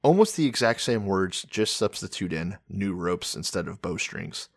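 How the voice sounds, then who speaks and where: A man with a low, gravelly voice co-hosts a casual podcast in a dry, close sound. He swings his pitch up and down a lot. He is sarcastic, laughs often and swears. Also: animated, moderate pace, no room sound. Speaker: podcast co-host. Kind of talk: casual comedic Bible retelling.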